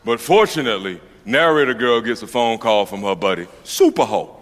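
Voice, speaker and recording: A man's voice: mid-range voice, lively intonation, a little fast, a bit bright. A man doing a profane stand-up routine, mocking the story and acting out its characters. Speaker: stand-up comedian. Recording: long reverb of a hall, faint noise.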